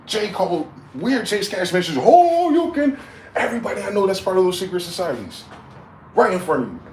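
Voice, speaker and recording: Ranting man in his forties, echoey room. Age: 40s. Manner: heated, swings from loud outbursts to low mutters. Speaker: livestream host. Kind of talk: profane rant. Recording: echoey room with faint background noise.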